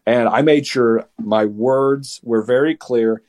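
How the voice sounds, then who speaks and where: A young man in his late teens talks as a podcast guest. He tells his side of a story in a heated, lively way and often stumbles and restarts mid-sentence. His voice sits at an ordinary male pitch. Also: takes it slowly. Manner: heated, animated retelling with many restarts. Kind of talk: casual storytelling.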